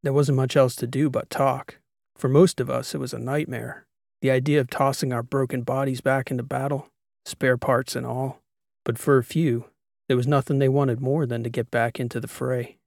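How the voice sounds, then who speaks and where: A man narrates a first-person sci-fi audiobook in a wry, conversational manner, his voice gravelly, a little mellow, medium in pitch with little movement, at a moderate pace. The recording is close and dry, with no room sound or echo.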